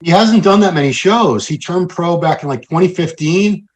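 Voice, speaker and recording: A man's voice: sits high, moderate pace. A man hosting a casual chat, easygoing and conversational. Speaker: host.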